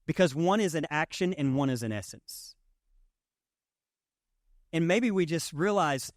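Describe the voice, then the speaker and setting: A man's voice: fairly high pitch, expressive, a little slow, pauses often, dry recording, studio quality. A man preaching a sermon as pastor, conversational and emphatic, with rhetorical questions to the congregation. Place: church sanctuary.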